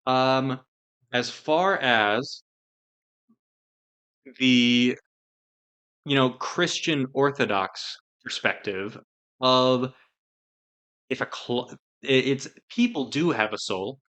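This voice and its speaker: A man's voice: medium pitch, drawn-out words, pauses often, fairly bright tone. A man co-hosting a casual podcast discussion, rambling and filling his talk with "like" and "you know". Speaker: podcast co-host.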